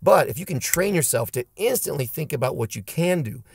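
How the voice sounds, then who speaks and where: A man's voice: on the high side, animated, brisk, vocal fry, few pauses, husky, dry recording, studio quality. A man who teaches martial arts giving an emphatic, punchy motivational talk to camera. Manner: emphatic and punchy, with blunt pep-talk lines. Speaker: martial arts instructor and channel host.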